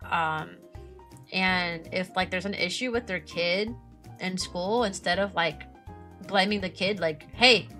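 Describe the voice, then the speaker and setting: A young woman, a streamer who teaches kindergarten, chatting casually and animatedly about her work, often mimicking parents in a higher voice. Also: measured pace, fairly bright tone, faint music behind. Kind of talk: casual chat.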